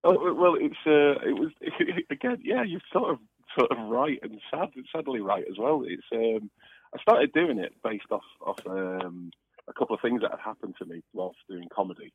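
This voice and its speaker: A man's voice: mid-range voice, sing-song, moderate pace, husky, dry recording. A man who is a comedian guest, calling in while recovering from an illness, chatty and laughing often. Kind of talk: phone-in interview. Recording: tinny phone line.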